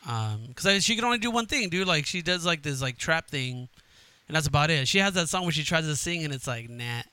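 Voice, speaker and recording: A man's voice: on the high side, lively intonation, fairly quick, pushed and bright, smooth, no echo. A man co-hosting a casual podcast, laid-back and rambling, with a lot of "dude.". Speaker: podcast co-host.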